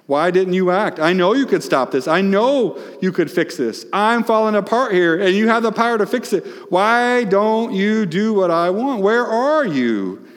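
A man's voice: high voice, expressive, unhurried, few pauses, big-room sound, voice pushed up. A man voicing a distraught grieving woman who pleads with Jesus and asks why he did not act. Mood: pleading desperate. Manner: pleading, rising, accusing.

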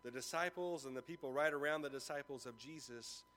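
A man's voice: mid-range voice, brisk, a bit bright, slight background noise. Man preaching a sermon in a reverberant church. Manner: storytelling with acted-out dialogue. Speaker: pastor. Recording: long reverb of a large room.

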